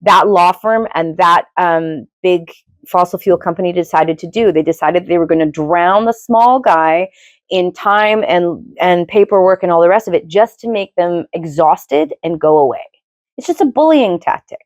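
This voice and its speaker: Animated middle-aged woman, dry close sound. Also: no room sound. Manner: animated, rambling, quick pitch jumps. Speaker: podcast co-host. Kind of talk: casual opinionated chat.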